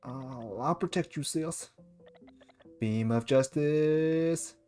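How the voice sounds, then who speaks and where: A man doing a squeaky excitable little boy. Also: moderate pace, faint music behind, lightly acted. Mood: excited. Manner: loud, insistent. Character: excitable little boy who sees ghosts.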